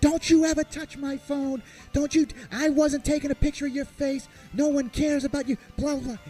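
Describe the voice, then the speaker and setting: A man voicing a furious young woman who yells at a stranger on a bus, pitching his voice high and shrill. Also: little pitch movement, moderate pace, soft background music. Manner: shrill, screaming.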